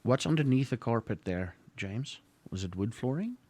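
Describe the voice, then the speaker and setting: A man's voice: mid-range voice, expressive, moderate pace, darkish tone. A man with a South African accent running a tabletop role-playing game as storyteller, teasing his players.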